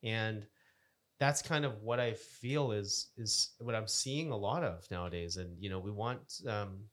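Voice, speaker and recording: A man hosting a casual podcast chat, halting and searching for words as he talks. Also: on the low side, a bit bright. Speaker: podcast host.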